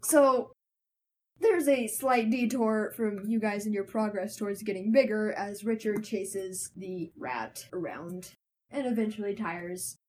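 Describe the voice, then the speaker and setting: A woman's voice: mid-range voice, measured pace, darkish tone. A young woman narrating a casual tabletop game as game master, playful and teasing, often laughing.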